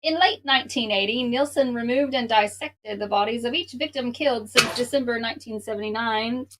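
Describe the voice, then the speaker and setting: A woman's voice: fairly high pitch, a little fast, a bit bright, rough recording. A woman co-hosting a casual true crime podcast, reading the case aloud and stumbling over words now and then. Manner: reads aloud, stumbling on words, laughing often.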